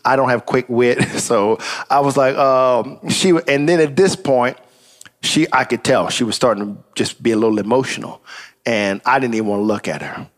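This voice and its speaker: A man's voice: mid-range voice, normal speed. Man preaching a story-filled sermon. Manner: conversational, animated storytelling with asides and "praise God". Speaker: pastor. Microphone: live stream.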